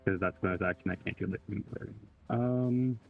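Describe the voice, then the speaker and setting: A man playing a tabletop game, talking in a halting way and repeating words as he describes his character's moves. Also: fairly low pitch, creaky. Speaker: player. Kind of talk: casual tabletop game chat. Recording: muffled phone-like line with faint music.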